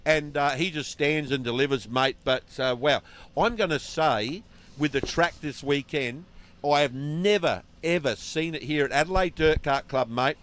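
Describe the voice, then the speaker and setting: A man, a former racer, giving chatty, excitable co-commentary on kart racing. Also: a little high, normal speed. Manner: excitable, chatty, says mate a lot. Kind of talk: live motorsport commentary.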